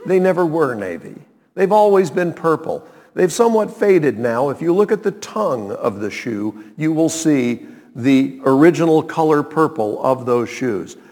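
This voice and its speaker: A man's voice: a little high, normal speed. Older man telling a story in a reverberant hall. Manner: animated, with sudden emphatic exclamations and a wry aside. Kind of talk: live personal storytelling to an audience. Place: hall with a seated audience. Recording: long hall reverb, live room.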